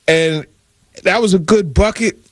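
A man co-hosting a sports radio show, talking basketball in an animated, emphatic way and often repeating his words. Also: high voice, unhurried, dry recording. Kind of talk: casual sports talk.

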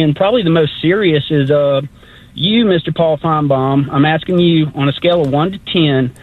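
A male caller on a radio show who talks politely and rambles, with many fillers. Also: fairly high pitch. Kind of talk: radio call-in chat. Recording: tinny phone line.

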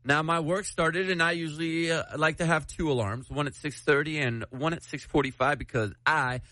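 Male morning radio host, playful and self-mocking, forceful bright voice. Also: on the high side, steady tone, moderate pace, dry recording, low-quality recording. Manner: chatty, laughs at himself. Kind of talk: casual radio banter, reading a listener letter.

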